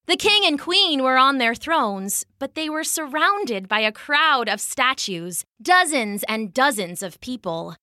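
A woman narrating a children's story in an animated, expressive storytelling manner. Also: on the high side, no room sound, clean studio sound.

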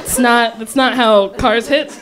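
A woman's voice: on the high side, steady tone, unhurried, over a noisy crowd, heavy background noise. A woman telling a funny story on stage, often breaking into laughter as she talks. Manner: laughs often while talking. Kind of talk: comedic storytelling.

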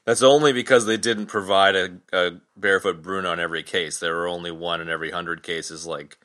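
A man's voice: low voice, fairly even intonation, brisk, pushed and bright. A man co-hosting a podcast, joking and going off on playful tangents in casual movie chat. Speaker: podcast co-host.

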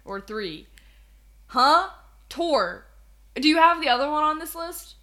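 Teasing young woman with a bright voice. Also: sits high, slow. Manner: animated, teasing, laughs often. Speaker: podcast co-host. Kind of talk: casual chat.

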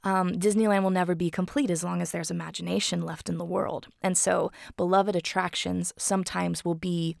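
A woman's voice: fairly low pitch, flat delivery, normal speed, vocal fry, few pauses, a little mellow, dry recording. A woman telling a theme park ride's history in a chatty, casual way, with frequent ums and small laughs. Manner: chatty, giggly, with many ums and uhs. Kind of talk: casual explainer.

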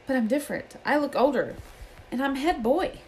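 Lady reading as a squeaky eager kid wizard, grumbly, talks fast and bouncy, storybook voice. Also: lively intonation, darkish tone, slight background noise, rough recording. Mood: excited. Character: eleven-year-old wizard boy, eager and grumbly.

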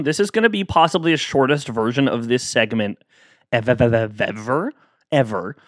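A man's voice: medium pitch, a bit bright, no echo, clean studio sound. A man hosting a casual solo podcast, chatting playfully and acting out both sides of imagined exchanges.

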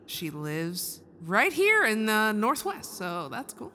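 Woman co-host, dry and unhurried, bright crisp tone. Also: mid-range voice, huge pitch swings, slight background noise. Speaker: podcast co-host. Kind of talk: casual chat.

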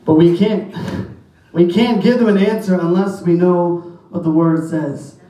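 A man's voice: sits high, steady tone, measured pace, dark tone, a little hiss or hum. A man preaching a sermon as pastor, emphatic, quoting scripture in old-fashioned wording. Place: church sanctuary. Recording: very echoey church hall, mic at a distance.

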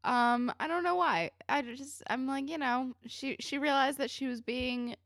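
A woman's voice: sits high, unhurried, creaky, dry recording, clean studio sound. A woman co-hosting a podcast, chatting casually and laughing as she recaps a TV episode. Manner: chatty, animated, swears, laughs while talking. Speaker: podcast co-host.

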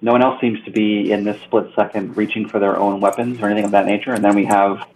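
A man playing in a tabletop game, describing his actions in a flat, matter-of-fact way. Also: on the low side, fast, a little hiss or hum, rough recording. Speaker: player. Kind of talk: tabletop game play, casual.

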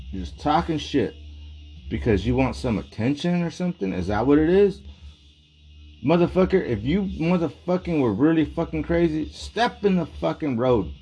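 A man with a low, dark and husky voice, talking in a rambling, agitated rant full of swearing. Faint guitar music plays behind him. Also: highs cut off. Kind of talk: casual venting monologue.

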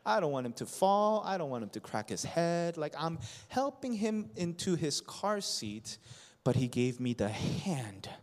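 A pastor in his thirties preaching a sermon to his congregation, impassioned and building to loud emphasis. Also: a little high, big pitch swings, unhurried. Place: church sanctuary. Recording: long reverb of a church hall.

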